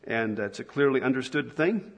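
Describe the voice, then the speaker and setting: A man's voice: mid-range voice, animated, normal speed. A middle-aged man preaching a sermon to fathers in an earnest, conversational way, often restarting his sentences. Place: church hall. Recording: husky voice in a long-reverb hall.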